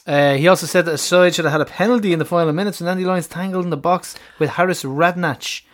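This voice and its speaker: Sex: man. Role: podcast co-host. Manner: jokey, casual swearing, slightly high voice. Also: quick pace. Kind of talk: casual football fan chat.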